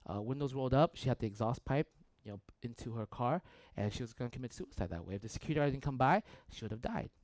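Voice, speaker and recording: A man preaching a sermon as a pastor, telling a story conversationally with frequent "right?" and swinging between loud bursts and hushed near-whispers. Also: medium pitch, lively intonation, fast talker, no echo.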